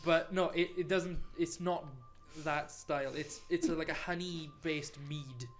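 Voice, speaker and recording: A man's voice: fairly high pitch, steady tone, a little slow, faint music behind. A man running a tabletop game as game master, narrating in a rambling way. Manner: rambling, with many restarts and laughter.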